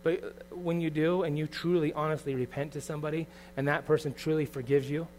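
A middle-aged man preaching a sermon as pastor, earnest and confessional, moving from quiet reflection to loud bursts. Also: a little high, fairly even intonation, brisk, a little hiss or hum.

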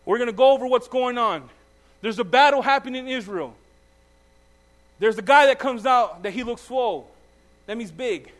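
Man, high voice, preacher, sermon, reads scripture then asks the audience questions, loud-to-soft delivery. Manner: addresses listeners directly with questions.

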